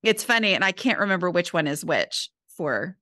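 A woman hosting a podcast in a casual, chatty way, effusive and quick to laugh. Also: lowish voice, sing-song, sharp tone, no room sound, studio quality. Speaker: podcast host. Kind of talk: casual chat.

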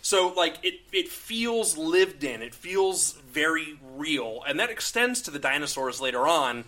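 Bright, animated man retelling a movie. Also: a little high, measured pace. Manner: enthusiastic, swearing, acts out quotes. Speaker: podcast co-host. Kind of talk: casual movie discussion.

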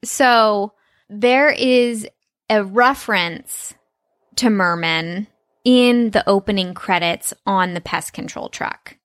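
A woman's voice: mid-range voice, slow, fairly bright tone, dry recording, studio quality. A woman co-hosting a podcast, chatting playfully about a cartoon episode and laughing easily. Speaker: podcast co-host.

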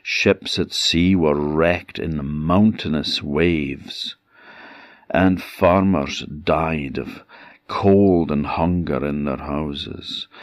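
A male storyteller from the Orkney Islands, telling an old folk tale in a very deep, gravelly voice. He speaks slowly and expressively, repeating words for effect, recorded close and dry. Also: dry recording. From Orkney Islands, Scotland. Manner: unhurried, expressive, with repetition for effect.

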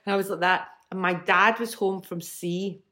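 A woman's voice: medium pitch, normal speed. Chatty woman in her fifties. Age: 50s. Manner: chatty, animated, laughing. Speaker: guest, musician. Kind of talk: casual storytelling.

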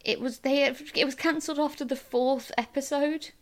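A woman co-hosting a film podcast, talking in a relaxed, hesitant way with frequent restarts. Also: sits high, normal speed. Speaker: podcast co-host. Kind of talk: casual film review chat.

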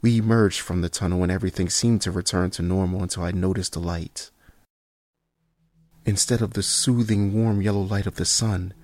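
A man narrating a first-person horror story in a slow, hushed delivery that sometimes drops to near whispers. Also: deep voice.

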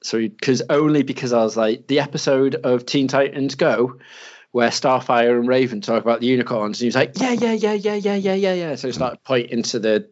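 A British man in casual chat, telling an animated story and mimicking people in a higher voice. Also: fairly quick. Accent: British English. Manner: animated, acts out quotes in a higher voice. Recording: slightly dull lo-fi sound.

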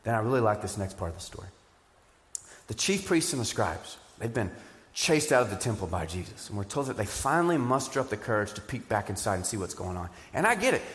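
A man preaching a sermon, animated and joking, asking the crowd questions. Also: a little high. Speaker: pastor. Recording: live church sermon with hall reverb.

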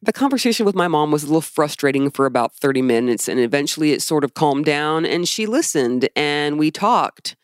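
A woman's voice: sits low, lively intonation, fairly quick, hardly any pauses, dry recording, studio quality. A woman co-hosting a podcast, telling personal stories in a heated, emphatic way. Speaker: podcast co-host. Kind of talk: casual chat.

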